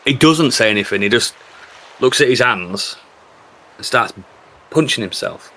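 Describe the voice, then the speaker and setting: Animated player with a bright voice. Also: male voice, mid-range voice, measured pace. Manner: animated, jokey. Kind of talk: casual tabletop game play.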